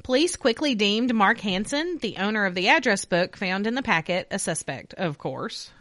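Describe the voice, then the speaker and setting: A woman's voice: mid-range voice, animated, normal speed, a bit bright. A woman co-hosting a true crime podcast, reading out case notes in a newscaster tone between swearing and laughing banter.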